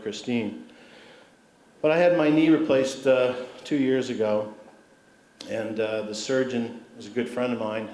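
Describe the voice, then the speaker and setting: A middle-aged man tells anecdotes from the podium at a sports awards dinner, his voice at an ordinary pitch. The sound is roomy, with the echo of a large civic hall. A faint murmur of room noise runs underneath. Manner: warm anecdotal storytelling with humor. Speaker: award inductee giving a speech. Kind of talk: storytelling acceptance speech.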